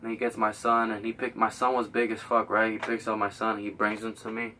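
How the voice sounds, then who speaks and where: A man's voice: lowish voice, flat delivery, a little fast, sharp tone, recorded from a distance, a little hiss or hum. A young man hosting a show, telling a heated, profane story full of acted-out quotes. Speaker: podcast host.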